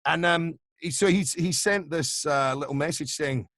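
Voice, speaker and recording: A man telling animated show-business anecdotes as a guest on a video call, laughing often and slipping into impressions. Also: fairly high pitch, moderate pace, few pauses, dry recording. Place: home over video call.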